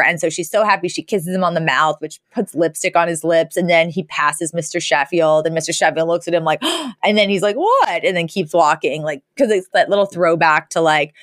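A woman co-hosting a podcast, recapping a sitcom episode in a lively, laughing way and acting out the characters' lines. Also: lowish voice, dry recording, clean studio sound. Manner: animated storyteller who acts out quotes, laughs often. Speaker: podcast co-host.

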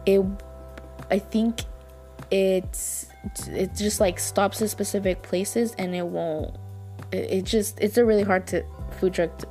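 A woman's voice: medium pitch, fairly even intonation, unhurried, dark tone, soft background music. A young woman hosting a podcast, chatting casually and gushing in a rambling way, full of fillers and repeats. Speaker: podcast host. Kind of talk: casual chat reviewing dramas.

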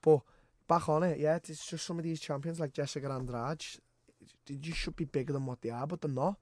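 A young man talks very quickly in a blunt, sweary, animated way. His voice sits a little high, and the recording is dry and close with no room sound. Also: no room sound. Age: 20s. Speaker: guest fighter. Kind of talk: casual podcast chat.

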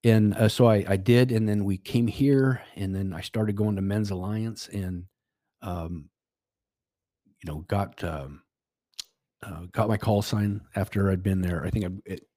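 A man's voice: on the low side, a little slow, dark tone, no room sound, studio quality. A middle-aged man telling a personal story as a podcast guest, rambling with restarts and quoted dialogue. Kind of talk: casual storytelling.

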